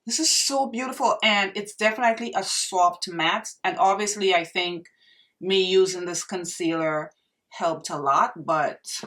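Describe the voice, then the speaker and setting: A woman's voice: medium pitch, lively intonation, measured pace, fairly bright tone, distant mic. A young woman reviewing makeup in a casual vlog, gushing and exclaiming to her viewers as if they were friends. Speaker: beauty vlogger.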